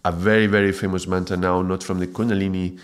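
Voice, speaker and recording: A male yoga and mantra teacher giving a spoken video lesson, reflective and thoughtful, breaking now and then into excited, laughing bursts. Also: sits low, quick pace.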